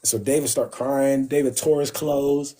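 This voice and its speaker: A man hosting a casual livestream and retelling a story in animated slang, voicing the characters in quick bursts. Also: mid-range voice. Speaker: livestream host. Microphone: phone.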